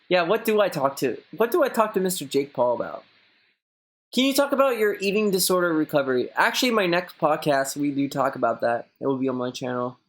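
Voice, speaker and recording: Chatting on a live stream, a young man reads out messages from viewers and answers them loosely, rambling and cursing frequently. Whenever he quotes someone, he parodies them in a high, gushing voice.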